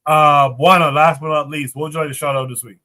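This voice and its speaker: A man hosting a casual livestream chat who talks in a relaxed way with many filler words. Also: on the high side, fast. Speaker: host.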